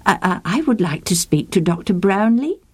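A woman's voice: mid-range voice, lively intonation, moderate pace, breathy edge. A woman voicing a polite, flustered male monastery librarian on the phone, hesitant and full of fillers.

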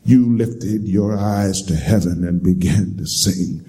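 A man preaching voices a rough, weather-beaten former soldier with a Southern accent, grave and low as he confesses. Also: takes it slowly, dark tone. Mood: solemn confession.

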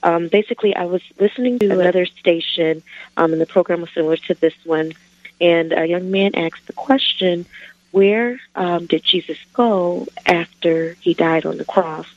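A woman's voice: on the low side, moderate pace, dry recording. Female radio caller, hesitant, dull muffled phone sound, dry. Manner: hesitant, many fillers. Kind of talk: call-in question over the phone.

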